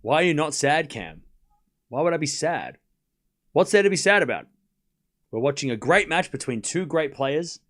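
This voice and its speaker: A young Australian man hosting a live stream, calling points and chatting with viewers between rallies. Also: a little high. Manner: chatty, laughs often, calls points between chat replies. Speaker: streamer and host. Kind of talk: live watchalong commentary, reading chat.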